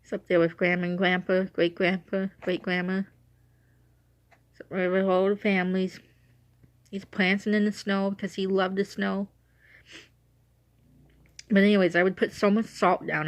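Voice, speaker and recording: A woman's voice: mid-range voice, little pitch movement, moderate pace, pauses often. A young woman talking casually in a rambling, self-correcting way on her vlog, emotional as she remembers her late dog. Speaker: vlogger.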